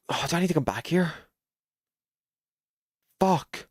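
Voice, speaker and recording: A British man giving casual gameplay commentary on a livestream, chatty and swearing freely with sudden excited outbursts. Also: fairly high pitch, unhurried, pauses often, breathy edge, no echo, studio quality.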